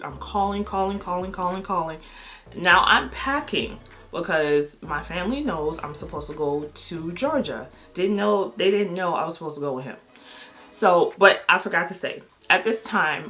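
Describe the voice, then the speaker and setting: A woman's voice: deep voice, a bit bright. A middle-aged woman vlogger telling a personal story in a casual, candid way, blunt and swearing freely.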